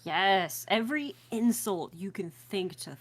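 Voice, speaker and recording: A woman co-hosting a casual brainstorming chat, playful and quick to agree and build on ideas. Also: medium pitch, lively intonation. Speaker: podcast co-host.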